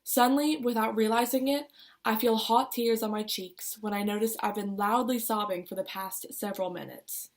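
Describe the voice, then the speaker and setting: Young woman reading her own story out loud, kinda high voice, gets into the dialogue. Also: normal speed. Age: young adult. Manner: expressive reading, voicing her own quoted lines with feeling. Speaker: student reader. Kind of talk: reading her own personal essay aloud.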